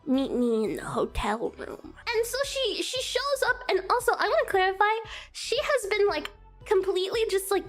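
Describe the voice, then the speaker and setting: A young woman streamer giggling and rambling through a casual movie recap. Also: extremely high pitch. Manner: giggly, rambling, with many restarts. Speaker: VTuber streamer.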